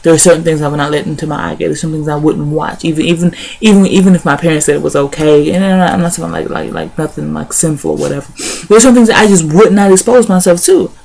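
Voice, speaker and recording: In a casual vlog, a young woman reflects aloud, repeating words and tossing in "y'all" and "honey." She talks fast in a low voice with vocal fry and a slightly mellow quality.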